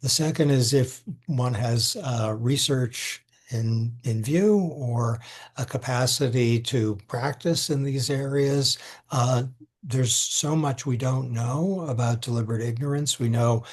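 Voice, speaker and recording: An older man answers interview questions with a slightly husky voice at an ordinary pitch. He talks thoughtfully, pausing and restarting, and sometimes sounds moved, over a video call. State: emotional. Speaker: interviewee, law professor.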